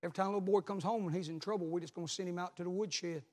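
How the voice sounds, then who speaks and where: A man, a pastor preaching a sermon, telling a story and then building to loud repeated calls. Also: high-pitched, steady tone, very fast.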